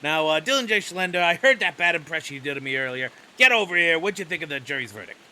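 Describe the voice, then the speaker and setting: A man doing a comedic impression of a gruff English male screenwriter, talking slowly and drawling. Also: fairly high pitch, expressive, pushed and bright, a little hiss or hum. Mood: mock-gruff.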